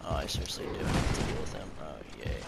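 Young gamer man, loud noisy background. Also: fast talker. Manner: jokey, breaks into loud frustrated outbursts. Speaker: gaming channel host. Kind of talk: casual gameplay commentary. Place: home room with dogs around.

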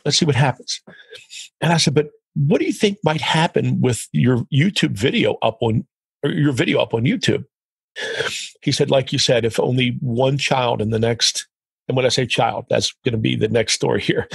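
A man's voice: medium pitch, normal speed, vocal fry, breathy edge, dry recording. A middle-aged man, a podcast guest, telling a story in conversation, acting out the lines of others as he goes. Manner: animated, quotes others in dialogue.

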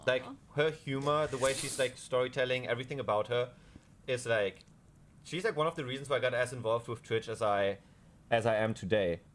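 A man's voice: medium pitch, fairly quick, fairly bright tone. Earnest, casual-sounding man; faint background noise. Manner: earnest, filler-heavy. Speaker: streamer in a played clip. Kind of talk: casual chat.

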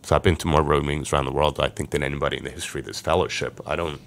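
A man's voice: a bass voice, steady tone, racing, gravelly, a bit bright, slight background noise. A middle-aged man earnestly telling an emotional personal story as a podcast guest.

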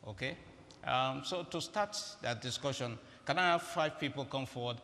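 A man's voice: medium pitch, moderate pace, bright, forceful tone. A man giving a humorous, interactive sermon, directing volunteers on stage in a large auditorium. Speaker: guest preacher. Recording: echoey hall with faint ambience.

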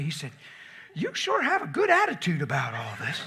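A middle-aged man preaching a storytelling sermon, animated, swinging from shouts down to whispers. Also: on the high side, brisk, noisy background.

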